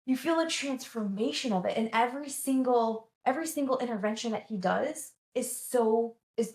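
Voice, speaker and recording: A woman's voice: a little high, echoey room, low-quality recording. A woman vlogging in a casual, enthusiastic, chatty way, full of "like"s and restarts. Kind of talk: casual chat.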